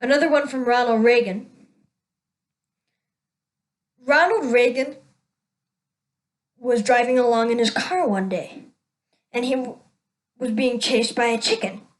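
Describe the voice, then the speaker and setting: A woman's voice: a little high, unhurried, pauses often, low-quality recording. A woman hosting her own show, telling a string of jokes and laughing at her own punchlines. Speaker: show host.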